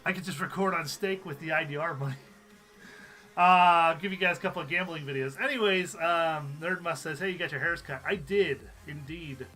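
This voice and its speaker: A man with a bright, forceful, somewhat high voice chats casually on his live stream. He reads viewer comments aloud, laughs often and rambles. Faint music plays behind him. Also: brisk. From USA.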